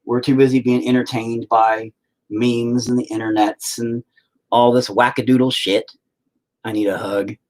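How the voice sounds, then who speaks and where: A man's voice: mid-range voice, darkish tone. An American man who hosts his own channel rants casually and profanely while painting, with sarcastic asides. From United States. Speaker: channel host.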